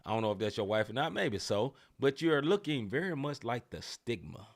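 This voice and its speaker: A man's voice: medium pitch, very animated, fairly quick. A man co-hosting a casual sports talk podcast, speaking emphatically with slang and repeated phrases. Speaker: podcast co-host.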